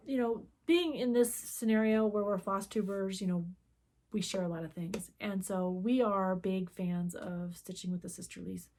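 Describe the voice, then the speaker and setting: A middle-aged woman co-hosting a crafting channel, telling a story in casual chat and acting out the quoted dialogue. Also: mid-range voice. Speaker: co-host of a cross-stitch video channel.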